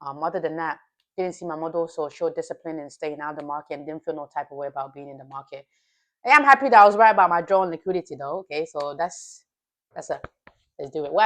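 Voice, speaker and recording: A woman streaming live as a futures trader, chatting loosely with viewers, swearing freely, and talking herself through a review of her trading day. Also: sits low. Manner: reflective, self-coaching. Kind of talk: casual livestream chat and trade review.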